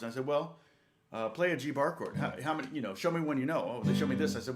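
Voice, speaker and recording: Guitar teacher, male, mid-range voice, loose and talkative on a live lesson, quick to laugh, faint guitar behind. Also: mid-range voice. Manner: chatty, rambling, laughs often, talks to viewers by name.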